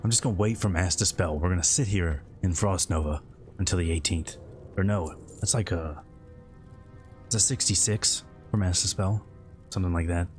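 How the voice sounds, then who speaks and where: A man from the Midwest with a slightly scratchy throat, chatting casually and a bit loudly into a close mic while streaming a game. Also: low voice, normal speed, soft background music. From American Midwest. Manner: relaxed, rambling, talks a bit loud into the mic. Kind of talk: casual chat while gaming.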